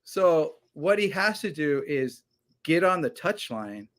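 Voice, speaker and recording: A man's voice: on the high side, very animated, takes it slowly, fairly bright tone. A man co-hosting a casual sports talk show, animatedly breaking down tactics and swearing now and then.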